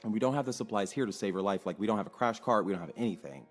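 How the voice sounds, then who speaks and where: A young adult man telling a personal story in a casual, animated way, acting out quoted voices and swearing freely. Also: on the low side, rapid-fire, soft background music.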